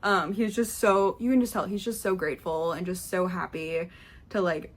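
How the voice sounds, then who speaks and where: A young woman vlogger telling a rambling, excitable story about a concert, full of fillers and quoted asides. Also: fairly low pitch, normal speed. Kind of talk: chatty concert recap vlog.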